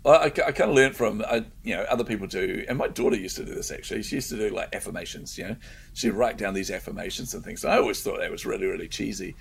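A middle-aged man speaks as an interview guest in a low, gravelly voice. He tells stories with lively energy, often laughing and stumbling over repeated words. A faint hiss sits under the recording. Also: fast. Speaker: guest entrepreneur. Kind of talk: casual interview chat.

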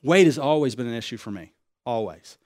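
A man preaching a sermon, confessional and personal, acting out conversations, swinging between loud excited bursts and quiet low remarks. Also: a little fast. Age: adult, married with young children. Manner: acts out dialogue in quoted voices. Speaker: pastor.

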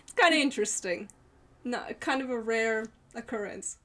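A woman's voice: on the high side, animated, normal speed, sharp tone. A woman co-hosting a podcast, chatting casually in a rambling, giggly way with many restarts. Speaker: podcast co-host. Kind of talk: casual chat.

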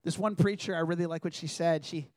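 A man's voice: fairly high pitch, steady tone, fairly quick, darkish tone, no room sound, clean studio sound. A man preaching a sermon in an earnest, conversational way, reading scripture aloud and addressing the congregation directly.

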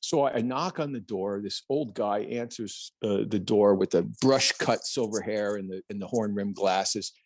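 A man's voice: fairly low pitch, moderate pace, few pauses, no echo. A middle-aged man from New Jersey, a painter and podcast guest, telling stories animatedly and acting out the voices of people he quotes. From New Jersey, United States. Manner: animated storyteller who acts out quoted voices. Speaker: plein air painter, guest. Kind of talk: storytelling in a podcast interview.

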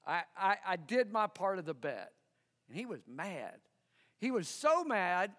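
A pastor with a high voice delivers a sermon in a big-room acoustic, animatedly retelling a story. He acts out the voices of its characters and chuckles often.

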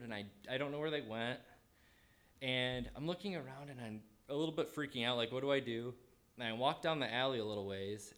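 Speaking in a medium pitch, a man recounts something that happened to him in a relaxed, lively manner, voicing his own thoughts as he narrates.

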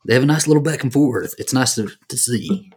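A man's voice: medium pitch, fairly quick, a little mellow, a little hiss or hum. A man co-hosting a casual podcast chat, easygoing and agreeable. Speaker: podcast co-host.

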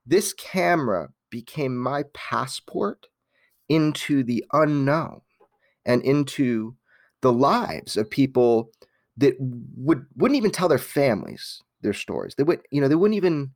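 A man from Los Angeles, telling his life story as an interview guest in a candid, animated way, with many restarts and some casual swearing. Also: medium pitch, unhurried, vocal fry, no room sound, studio quality.

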